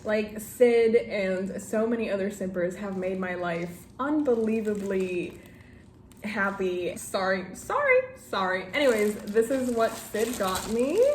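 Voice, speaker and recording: A woman's voice: mid-range voice, a little mellow, slight background noise. A young woman chatting in a reading vlog, gushing and tearing up as she opens gifts from friends. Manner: gushing, emotional, laughs and teary outbursts. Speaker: book vlogger. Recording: echoey room with faint ambience.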